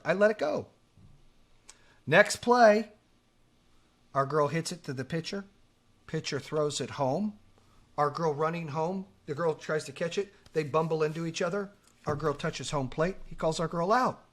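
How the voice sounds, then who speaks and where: A middle-aged man hosting a podcast, telling a story in a casual, animated way, swearing and acting out the lines he quotes. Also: on the high side, moderate pace. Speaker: podcast host.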